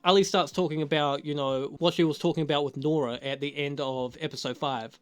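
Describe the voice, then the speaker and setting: A man's voice: a little high, steady tone, brisk, clear, resonant tone. A young adult man giving a casual spoken TV episode review, talking loosely, swearing a lot and laughing often. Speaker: TV show reviewer.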